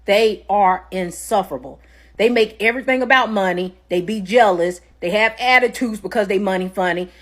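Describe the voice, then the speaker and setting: A woman holds forth in a casual rant, blunt and dismissive. She hammers her points with short, flat declarations in a mid-range voice. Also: medium pitch, moderate pace.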